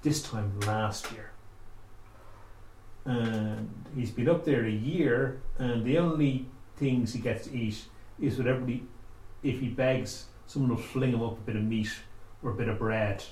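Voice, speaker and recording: A man telling a spooky folk tale aloud, with slow, dramatic pauses. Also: mid-range voice, a little mellow, slight background noise. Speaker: storyteller. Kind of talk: oral storytelling. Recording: echoey room, faint ambience.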